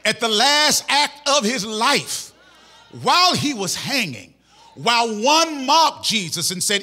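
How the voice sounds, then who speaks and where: A man preaching a sermon as pastor in a church, impassioned, shouting and half-singing phrases. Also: sits high, sing-song, slow pace.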